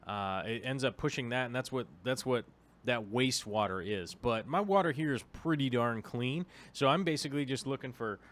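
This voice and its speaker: A man hosting a laid-back livestream, talking at an ordinary middle pitch. He rambles from point to point and leans on plenty of ums and uhs. His delivery is casual and unscripted. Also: normal speed, a bit bright. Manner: rambling, chatty, frequent fillers; drops to a near whisper to avoid waking the dog. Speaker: aquarium livestream host.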